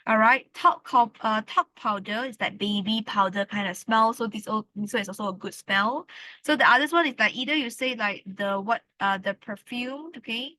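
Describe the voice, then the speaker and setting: Woman English teacher; bright, fairly high voice; patient, repeats words. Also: a little hiss or hum, rough recording. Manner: explains slowly, repeats key words, says "all right" often. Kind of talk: classroom lesson.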